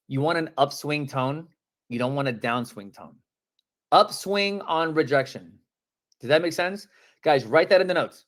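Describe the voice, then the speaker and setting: During a live-streamed sales session for real estate agents, a mid-range-voiced man coaches with lively, slangy energy and acts out phone calls, keeping a moderate pace.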